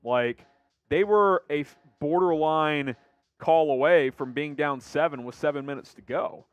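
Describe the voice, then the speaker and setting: A man hosting a live sports show, quickly reading viewer names and comments aloud in an upbeat way. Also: fairly high pitch, smooth, dry recording, faint music behind.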